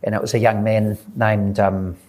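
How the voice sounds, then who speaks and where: A man with a fairly low voice tells a true story at a live book event. He speaks in an earnest, unhurried way and slips into the voices of the people he quotes. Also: little pitch movement, a little mellow. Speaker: author guest at a book talk. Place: live audience event indoors.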